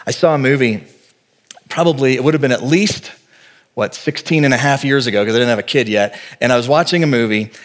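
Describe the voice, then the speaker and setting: Male pastor in his forties, mid-pitched voice, preaching in a casual, earnest way with lively story asides. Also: fairly quick. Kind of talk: sermon.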